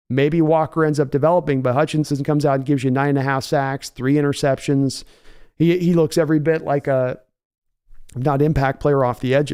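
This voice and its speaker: A man's voice: mid-range voice, darkish tone, clean tone. A man hosting a casual livestream podcast, chatting and reading viewer comments aloud. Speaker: podcast host.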